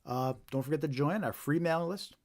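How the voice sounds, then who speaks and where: A man's voice: a little high, brisk. A man hosting a live stream, reading viewer reports aloud in an informal way, with fillers and restarts. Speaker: host.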